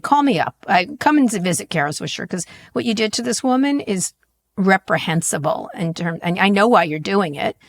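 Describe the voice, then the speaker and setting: A woman's voice: on the low side, vocal fry. A woman co-hosting a podcast, talking bluntly and emphatically with frequent profanity. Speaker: podcast co-host. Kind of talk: casual opinionated chat.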